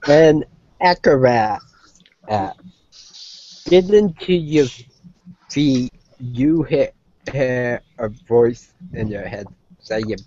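A man narrating as game master of a tabletop game, hesitant with many pauses and fillers. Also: mid-range voice, mellow, lo-fi sound.

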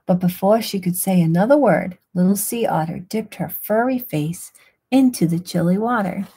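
A woman reading bedtime picture books aloud in a soft, hushed, soothing voice. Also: mid-range voice, moderate pace, slightly rough. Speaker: storyteller. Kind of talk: quiet bedtime story reading.

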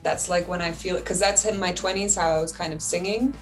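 A woman's voice: on the low side, fairly even intonation, fast talker, faint music behind. A woman in her thirties, a singer and producer, talking reflectively in a casual interview and laughing often. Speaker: singer and music producer, guest.

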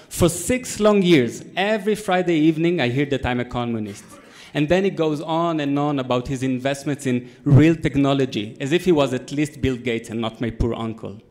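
It's a conference hall storytelling talk from a male speaker in his thirties, his voice mid-range. He keeps a straight face throughout, relying on comic timing to carry the story.

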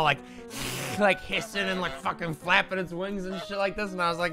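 A man's voice: high voice, a little fast, over music. Swearing young man streaming a game. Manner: swearing, animated storytelling. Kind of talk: casual gameplay commentary.

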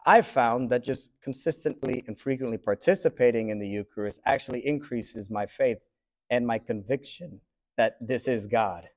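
Male teacher, classroom discussion, reflective, pauses to think, average-pitched voice. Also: a little mellow.

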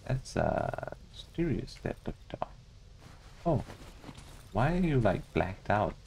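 Goofy male gamer with squeaky outbursts. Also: big pitch swings, slow pace, creaky, a little mellow, a little hiss or hum. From Denmark. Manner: goofy, talks to game characters, jumps into high squeals. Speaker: gaming streamer. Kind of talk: casual gameplay commentary.

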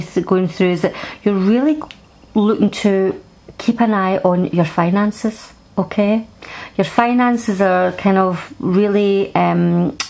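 A Scottish woman talks straight to a camera, reading tarot cards in a casual, reassuring way. She often stumbles over and repeats her words as she goes. Her voice sits at an ordinary middle pitch, picked up by a camera mic indoors. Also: a little mellow, poor audio. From Scotland. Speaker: tarot card reader.

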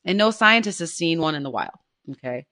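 A woman co-hosting a podcast in casual chat, bubbly and quick to laugh at herself. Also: deep voice, sing-song, sharp tone. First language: English. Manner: bubbly, laughs often, self-teasing. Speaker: podcast co-host.

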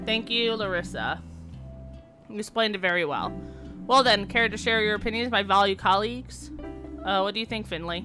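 A woman's voice: medium pitch, moderate pace, pauses often, music in the background. A woman streamer playing a game, reading the characters' lines aloud and joking between them.

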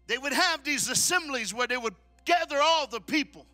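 A man preaching a sermon at a men's conference, shouting call-and-response lines and dropping into low, quick asides. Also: animated, soft background music. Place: church hall at a men's conference.

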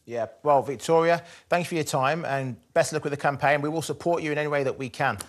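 Brisk male talk show host. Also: on the high side, steady tone. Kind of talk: live TV talk show presenting.

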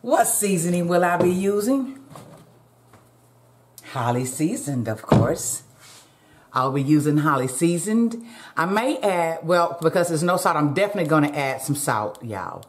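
A woman with a low voice and wide pitch swings speaks at a measured pace, hosting a home cooking vlog from her kitchen. She chats casually and addresses her viewers directly as "y'all." The recording has a roomy echo and slight background noise.

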